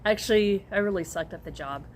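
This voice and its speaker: A woman's voice: medium pitch, brisk, a little hiss or hum. A woman chatting casually as she answers a list of questions, rambling, chuckling and trailing off as she goes. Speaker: crochet vlogger answering a tag questionnaire. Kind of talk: casual chat.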